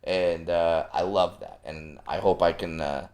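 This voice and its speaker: A low-pitched man chatting casually on a podcast as a comedian guest. He tells his stories with animated energy, slipping into other voices as he acts out the scenes. His delivery stays loose and conversational. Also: measured pace. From Southern California. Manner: animated storyteller, acting out family anecdotes.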